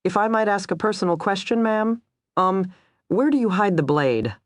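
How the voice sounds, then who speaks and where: A woman's voice: mid-range voice, expressive, normal speed, no room sound, clean studio sound, pitched above the performer's own voice, lightly acted. A woman voicing an easygoing male state agent with a Southern accent, drawling politely in an audiobook. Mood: amused drawl.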